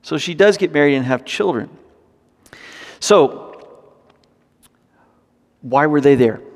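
A man delivers a sermon with a fairly high-pitched voice. He moves between scripture reading and animated, jokey asides. His voice rings through a church hall with a long echo. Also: slow. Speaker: pastor.

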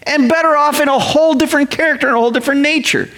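A man preaching a sermon, slowing down to read scripture and speeding up in quick explanatory asides. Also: very high voice. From North America. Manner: animated, quotes scripture slowly, paraphrases in quick asides. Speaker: pastor.

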